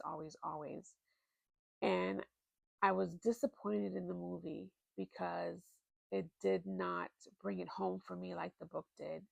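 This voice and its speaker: Gravelly, unhurried woman chatting about books. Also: lowish voice, no room sound. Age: adult, married. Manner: chatty, expressive, lots of fillers. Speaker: book vlogger. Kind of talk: casual book recommendations.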